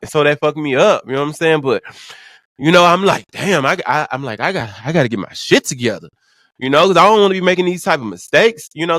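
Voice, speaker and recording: A man vlogging, telling an emotional personal story in profane slang, stammering and swinging from hushed to excited. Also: fairly high pitch, no room sound.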